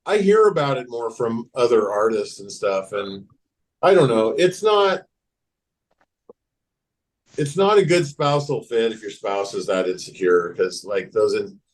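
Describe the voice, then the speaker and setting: A man's voice: medium pitch, a little mellow, rough recording. A man in his fifties, a tattoo shop owner, talking in a laid-back way on a podcast, often trailing off. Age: 50s. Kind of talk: casual podcast chat.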